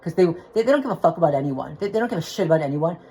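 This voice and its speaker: A woman's voice: on the low side, animated, very fast, dark tone, a little hiss or hum, rough recording. A woman telling a personal story into her phone, agitated and rambling, with restarts and swearing. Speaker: vlogger.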